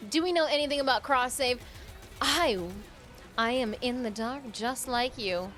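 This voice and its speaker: This high-sitting, unhurried, slightly bright voice belongs to a woman from Michigan. She streams a game while playfully reading out viewer names in casual chat, and game music is faintly audible behind her.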